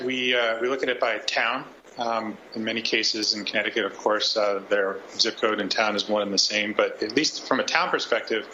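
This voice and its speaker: Male official at a briefing; low, bright, factual tone over muffled, slightly noisy sound. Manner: factual, plain explanations. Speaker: state official. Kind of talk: briefing answers.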